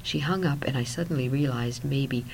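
A woman narrating a first-person story in a soft voice that at times drops to a whisper. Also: extremely low pitch, normal speed, slight background noise, low-quality recording.

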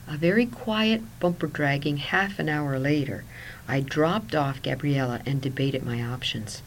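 A woman narrating a first-person story in a soft voice that at times drops to a whisper. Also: rumbling low, a little slow, a little hiss or hum, poor audio.

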